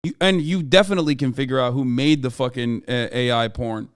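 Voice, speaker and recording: A man's voice: medium pitch, a little fast, clear, resonant tone, dry recording, clean studio sound. A man streaming a reaction, arguing heatedly with chat in blunt, profane language. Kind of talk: live-stream reaction rant.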